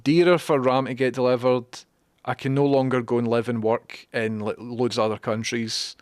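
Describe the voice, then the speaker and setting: A man's voice: mid-range voice, level tone, normal speed, no echo, studio quality. A man, talking casually on his own livestream, sarcastic, swearing and wandering off on tangents. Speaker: livestream host. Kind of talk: rambling livestream chat.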